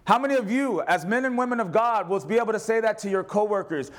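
A man's voice: high-pitched, fast talker. A male pastor preaching a sermon, reading scripture aloud and putting questions to his congregation.

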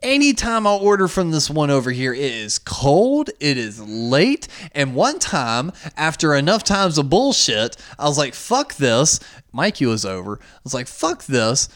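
A man's voice: fairly high pitch, big pitch swings, normal speed, few pauses, a bit bright. A man co-hosting a podcast, telling a story in casual chat with a lot of swearing. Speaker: podcast co-host.

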